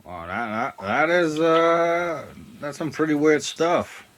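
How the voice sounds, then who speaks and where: A young man co-hosting a comedy podcast, chiming in with quiet deadpan remarks. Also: fairly high pitch, takes it slowly. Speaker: podcast co-host.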